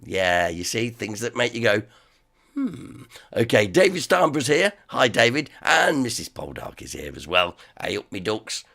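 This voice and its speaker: A hoarse man with an East Midlands accent chats through a live stream, his voice gravelly and full of fry from a dry, sore throat. His tone stays bright and forceful, and he rambles along cheerfully, greeting his viewers one after another. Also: lowish voice, very animated, moderate pace, few pauses. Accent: East Midlands English. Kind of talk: casual live stream chat.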